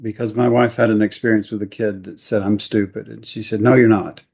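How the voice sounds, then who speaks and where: A man's voice: fairly low pitch, flat delivery, fairly quick, creaky, darkish tone, slightly rough. A man hosting a podcast, affirming his guest with frequent murmurs. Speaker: podcast host.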